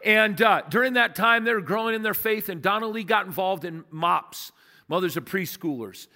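Guy preaching, emphatic and chatty, bright forceful voice, big echoey church. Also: high-pitched, normal speed. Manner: animated, emphatic, conversational preaching with storytelling. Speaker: pastor. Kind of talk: sermon. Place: church sanctuary.

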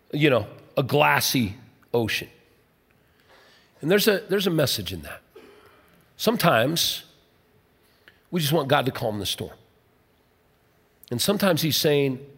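A man preaching a sermon in a conversational way, his voice dropping low and quiet to stress points. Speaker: pastor. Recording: long hall reverb.

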